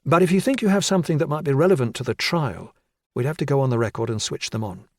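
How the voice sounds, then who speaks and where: A man voicing a brisk woman detective chief inspector in an audiobook, asking clipped, direct questions. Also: mid-range voice, darkish tone, no echo, clean studio sound, voice pushed up, natural voice.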